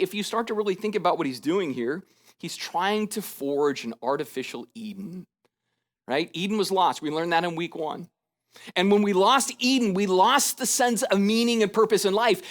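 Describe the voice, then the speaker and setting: Conversational preaching man acting out scripture. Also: high voice. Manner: conversational, acts out scripture in lively paraphrase; frequent rhetorical "right?" asides. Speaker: pastor. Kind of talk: sermon.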